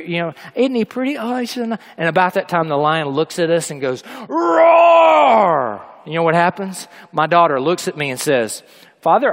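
Male pastor, sermon, storytelling, emphatic peaks, fairly high voice.

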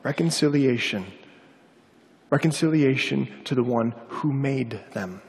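A man's voice: medium pitch, measured pace, in a large hall, a little hiss or hum. A man preaching a sermon, telling a personal story and acting out the voices of the people in it. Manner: animated, acts out quoted voices.

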